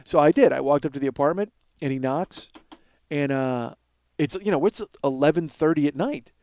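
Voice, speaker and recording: Animated, cursing podcast storyteller man. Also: on the high side, moderate pace, dry recording. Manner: animated, profane, rambling with restarts. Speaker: podcast host. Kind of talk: comedic storytelling monologue.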